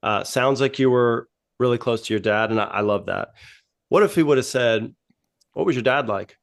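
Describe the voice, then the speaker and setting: A man hosting a podcast who asks relaxed, curious questions in a casual conversation. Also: medium pitch, moderate pace, gravelly. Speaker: podcast host.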